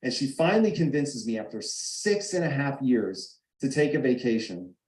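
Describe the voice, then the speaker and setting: A man's voice: mid-range voice, big pitch swings, moderate pace, darkish tone, echoey room, rough recording. A man telling a personal story over a video call, emphatic and acting out the arguments he quotes. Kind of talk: animated storytelling. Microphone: video call mic.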